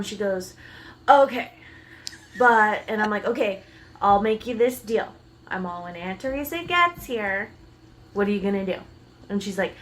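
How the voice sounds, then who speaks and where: A woman co-hosting a casual podcast, rambling through stories and acting out the lines of the people in them. Her voice sits at a middle pitch, with a faint hiss of noise behind it. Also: fairly bright tone. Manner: chatty storyteller who acts out others' lines. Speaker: podcast co-host. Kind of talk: casual chat and storytelling.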